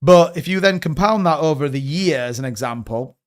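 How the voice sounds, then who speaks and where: Male streamer, slightly high, smooth clear voice, loose and rambling, answers chat questions on the fly. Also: expressive, normal speed. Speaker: crypto livestream host. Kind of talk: casual livestream chat.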